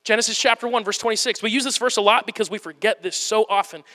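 High-voiced, bright male preacher in a hall. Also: quick pace. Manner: animated, plain-spoken, playfully acts out quotes. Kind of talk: conversational sermon. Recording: long hall reverb.

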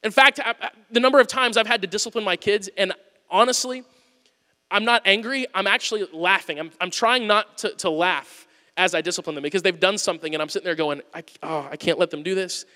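A man preaching a conversational sermon, going from loud emphasis to quiet asides. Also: high-pitched, brisk. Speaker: pastor. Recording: long hall reverb.

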